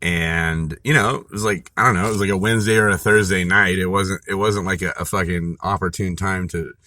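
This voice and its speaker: A man's voice: low voice, sharp tone, no echo, studio quality. A man casually telling a personal story, rambling and profane, full of fillers and restarts.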